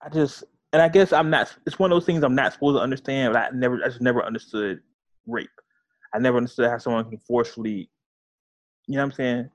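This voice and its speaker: A man's voice: mid-range voice, fast, no echo. A man co-hosting a podcast, chatting loosely and joking with slang. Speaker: podcast co-host. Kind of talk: casual chat.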